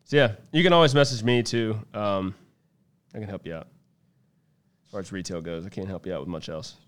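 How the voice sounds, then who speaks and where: A man's voice: on the low side, brisk, fairly bright tone, smooth. A man co-hosting a podcast in laid-back casual chat, goofy and playful. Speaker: podcast co-host.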